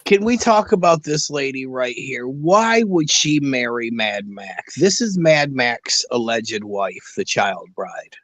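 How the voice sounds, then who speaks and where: A man's voice: medium pitch, big pitch swings, takes it slowly, few pauses, fairly bright tone, dry recording. A man co-hosting a casual livestream chat, joking in a mocking way. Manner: mocking, jokey.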